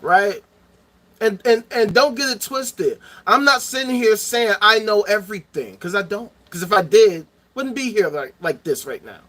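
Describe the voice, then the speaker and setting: A man's voice: high-pitched, lively intonation, moderate pace, fairly bright tone. A man ranting angrily into the camera, profane and heated, hammering points home by repeating them. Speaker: vlogger. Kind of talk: angry ranting monologue.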